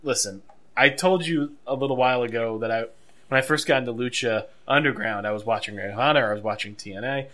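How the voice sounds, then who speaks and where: A man co-hosting a podcast, telling a story in an animated, wry way and riffing casually. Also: mid-range voice, fast talker. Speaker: podcast co-host. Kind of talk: casual chat.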